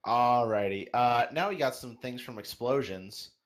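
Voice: mid-range voice, measured pace. A podcast host casually reading out listener questions in an upbeat way.

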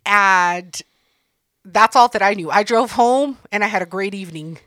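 A woman co-hosting a casual chat, telling a story in a profane, animated way and laughing often. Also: medium pitch, moderate pace, dry recording, clean studio sound.

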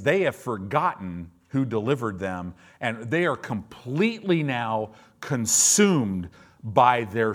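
A male pastor preaching in a conversational way, asking his listeners questions and acting out people's reactions. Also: mid-range voice. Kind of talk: sermon.

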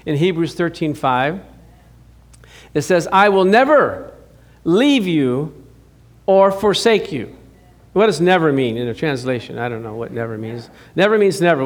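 A middle-aged man preaching a sermon as pastor, chatty and joking with his congregation, rising to emphatic declarations. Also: fairly high pitch.

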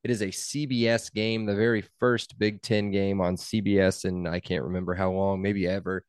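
Young male podcast host, low voice, dry close sound, wry and teasing. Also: level tone, moderate pace, darkish tone, clean tone, no echo. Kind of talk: casual sports podcast chat.

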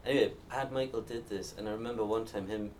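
Low-voiced man on a distant mic. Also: steady tone, fast talker, darkish tone. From Northumberland, England. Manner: thoughtful, storytelling, some restarts. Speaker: panelist. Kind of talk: live panel discussion. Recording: distant mic, faint background noise.

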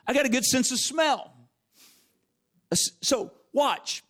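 A man's voice: on the high side, big pitch swings, a little fast, fairly bright tone. A middle-aged man preaching a sermon, telling stories and repeating phrases for emphasis. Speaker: pastor.

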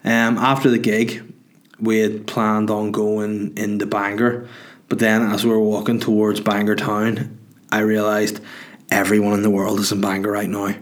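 A man's voice: fairly low pitch, monotone, normal speed. A man, a comedian telling a story in a chatty, self-mocking way, swearing freely. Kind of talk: casual storytelling monologue.

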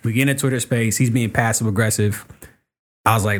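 A man in casual podcast chat, telling a heated story in an animated way, acting out quotes and cursing freely. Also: medium pitch, a little fast. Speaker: podcast guest, comic creator.

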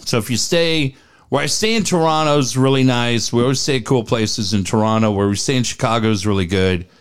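This middle-aged podcast co-host speaks briskly at a medium pitch with a clean tone. He trades funny stories in casual chat, laughing, cursing and putting on voices as he goes.

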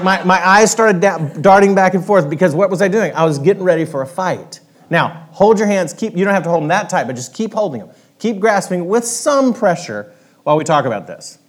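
A male pastor giving a sermon in a church, high-voiced and animated. He coaches the congregation directly, moving between playful asides and earnest, quiet points. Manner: animated, interactive, coaching the congregation through gestures.

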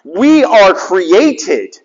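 A man's voice: high-pitched, very animated, drawn-out words. A man preaching a sermon, putting rhetorical questions to his listeners and repeating phrases for emphasis. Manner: repetition for emphasis. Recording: dull lo-fi sound with long reverb.

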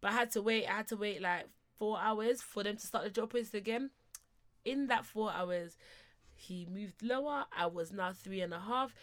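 A woman's voice: medium pitch, normal speed, a bit bright. A young woman, co-hosting a podcast and animatedly telling a personal story, acting out what people said and laughing often. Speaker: podcast co-host.

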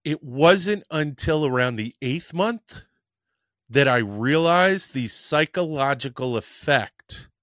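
Slow, frank-talking man in a dry room. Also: medium pitch, a bit bright, no echo. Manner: frank, rambling, swears casually. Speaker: podcast host. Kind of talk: candid personal storytelling.

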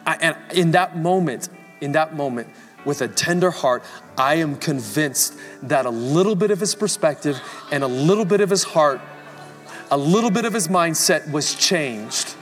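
A man with a fairly high voice preaches before a congregation, telling stories and pressing his points with rising fervor. His voice rings through a large church hall with long reverb, and soft music plays faintly beneath. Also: animated, normal speed. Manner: storytelling, rising to fervent emphasis. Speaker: pastor. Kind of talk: sermon.

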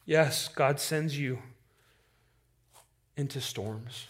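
A male pastor preaching a sermon with passion, swinging from loud declarations to hushed, quiet lines. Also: medium pitch, extremely slow.

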